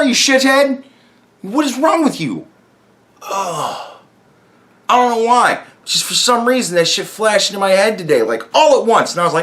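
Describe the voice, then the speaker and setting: On the podcast he hosts, a man delivers a rambling, profanity-laden rant at a moderate pace. He's animated, curses nonstop, and his voice sits high.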